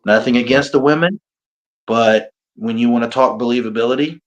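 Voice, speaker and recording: A man, a pro wrestler talking casually as an interview guest, animated and self-mocking, often laughing and restarting his sentences. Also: mid-range voice, brisk, highs cut off. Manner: frequent repeats and restarts.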